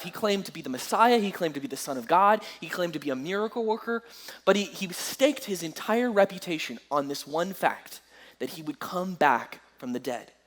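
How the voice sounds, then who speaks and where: Lively young man speaking to a crowd. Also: high voice. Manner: lively, engaging the crowd with questions. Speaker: Christian speaker. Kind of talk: apologetics talk to a live audience.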